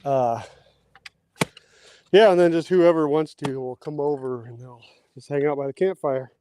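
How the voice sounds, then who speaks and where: A man with a fairly high, warm, clear and resonant voice speaks at normal speed as he livestreams casually from outdoors. Between digging post holes he chats, reads out viewer comments, and sometimes runs out of breath.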